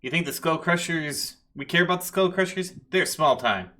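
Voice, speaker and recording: A man's voice: a little high, lively intonation, moderate pace, pushed and bright, pitched above the performer's own voice. A man voicing a brash, dismissive male FBI agent in a tabletop game. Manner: brash, bossy.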